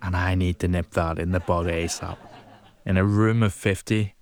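A man's voice: low voice, fairly even intonation, moderate pace. A man performing a stand-up comedy set, telling a story with acted-out voices and bantering with the crowd in a small room.

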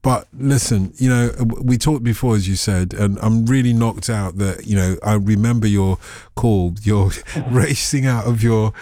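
A man's voice: fairly low pitch, normal speed, hardly any pauses, warm tone, no echo, clean studio sound. A man hosting a radio phone-in, sympathetic and encouraging toward a caller.

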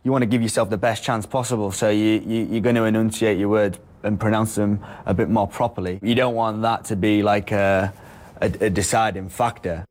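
A man's voice: lowish voice, fairly even intonation, fairly quick, darkish tone. A young man talking casually in an interview, with fillers and stumbles. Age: young adult.

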